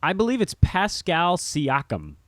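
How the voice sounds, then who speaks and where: Man, joking sports co-host, higher voice, lively swings in pitch, dry close sound. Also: measured pace, no room sound. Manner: animated, joking, self-mocking. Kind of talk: casual sports chat.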